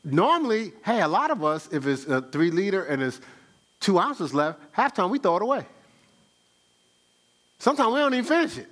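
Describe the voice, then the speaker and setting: A man preaching a sermon in a folksy, conversational way, voice swinging high for emphasis and low for asides, with chuckles and repeated words. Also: sing-song, normal speed, pauses often, fairly bright tone. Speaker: pastor.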